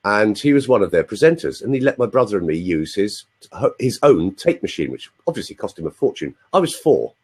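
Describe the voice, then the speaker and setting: A London voice coach in his sixties, appearing as an interview guest over a live video call, tells anecdotes in a playful, chatty manner with asides to his audience. His English-accented voice is lowish, sing-song, brisk, darkish in tone and slightly rough.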